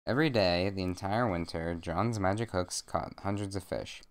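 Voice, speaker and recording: Young male streamer, deep and smooth, reads a bedtime story at home with deadpan asides. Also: normal speed. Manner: rambling, with jokey deadpan asides. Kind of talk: casual bedtime story reading. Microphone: desk mic.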